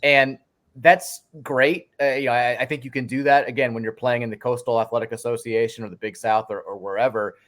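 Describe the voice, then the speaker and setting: A man's voice: mid-range voice, a little fast. A man, a guest sports writer, talking college basketball in a casual podcast chat, telling stories with many restarts. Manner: animated storyteller, many restarts.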